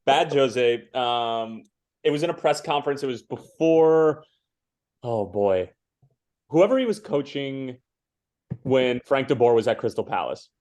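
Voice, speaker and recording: Man, podcast co-host, medium voice, casual, halting. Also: medium pitch, lively intonation, a little mellow. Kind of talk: casual chat.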